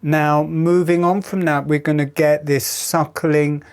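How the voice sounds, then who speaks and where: A man teaching a breathwork lesson, calmly explaining and demonstrating each step. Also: fairly high pitch, a little slow, smooth. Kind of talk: guided breathing instruction.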